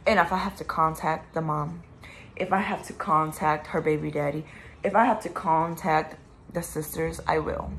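A woman's voice: on the low side, fairly bright tone. A young woman vlogging about her late best friend, tearful at times and then angrily cursing at people who hurt her. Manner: grieving then angry, profane ranting. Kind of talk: emotional direct-to-camera vlog.

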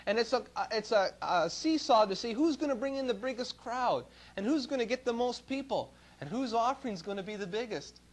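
A middle-aged man from Canada preaching a sermon in a church, telling folksy stories and swinging between loud emphasis and low asides. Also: lively intonation, a little fast, hardly any pauses.

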